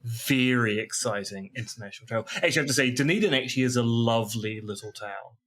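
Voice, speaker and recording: A man's voice: medium pitch, fast talker, a bit bright. A man in his thirties with a New Zealand accent, co-hosting a casual podcast chat with playful, goofy asides. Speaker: podcast co-host.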